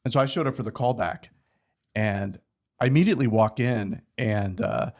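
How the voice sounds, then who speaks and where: Animated man telling stories. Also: fairly low pitch, normal speed. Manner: animated, acts out quoted people. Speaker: podcast guest. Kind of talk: casual storytelling chat.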